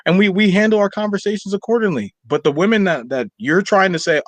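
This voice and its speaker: A man's voice: high voice, fast, few pauses, dry recording. A young man co-hosting a podcast in casual chat, talking animatedly and rambling with lots of fillers. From Nigerian household. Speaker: podcast co-host.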